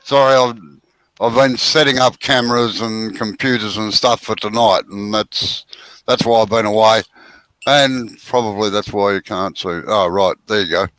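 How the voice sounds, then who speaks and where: Low-voiced Australian man hosting a woodturning stream. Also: steady tone, moderate pace, fairly bright tone, no room sound, rough recording. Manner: chatty, teasing, explains technique. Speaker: woodturning show host. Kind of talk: casual live-stream chat.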